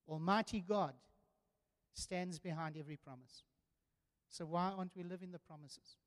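A man preaching a sermon, telling stories earnestly and building to emphatic declarations. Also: sits high. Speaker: pastor. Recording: long church reverb.

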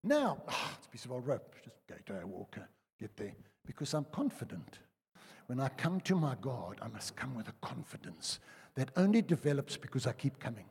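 Older South African preacher in a hall. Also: male voice, medium pitch, moderate pace, slightly rough. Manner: conversational storytelling, lively swings from loud to hushed. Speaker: pastor. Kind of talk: sermon. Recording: reverberant church hall.

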